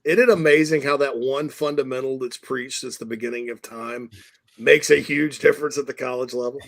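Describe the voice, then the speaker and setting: A man's voice: mid-range voice, fairly even intonation, brisk, vocal fry. A man chatting casually as a co-host on a sports podcast, rambling and jokey.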